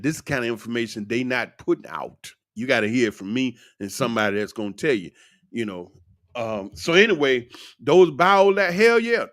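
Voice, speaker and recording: A man in his sixties delivering a rambling, profane monologue, blunt and animated in bursts. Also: medium pitch, no echo, studio quality. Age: 60s. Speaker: commentator. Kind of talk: ranting monologue.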